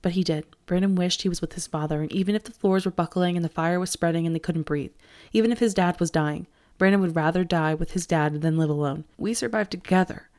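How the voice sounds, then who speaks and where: A woman teacher reading a novel aloud with steady expression. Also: fairly low pitch, quick pace. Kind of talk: audiobook read-aloud.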